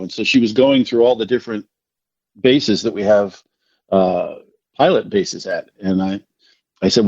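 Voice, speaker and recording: Podcast guest, middle-aged man from New Jersey, rambling yarn-spinner, somewhat low voice, dry close audio. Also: normal speed, dry recording, highs cut off. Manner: rambling, animated anecdotes with self-deprecating laughs. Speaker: podcast guest, recovery speaker. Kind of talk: casual storytelling.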